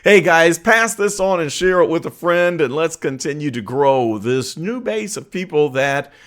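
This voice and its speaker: Lively conversational man vlogging his opinions. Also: fairly high pitch. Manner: earnest, conversational, with frequent uh and um pauses. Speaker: political commentary host. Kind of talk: opinion vlog monologue.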